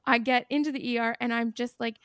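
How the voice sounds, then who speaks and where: A fairly high-voiced woman hosts a podcast and tells a story with plenty of swearing and laughter. Her delivery is animated and casual. The recording is dry and close, with no room sound. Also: fast talker, no room sound. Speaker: podcast host.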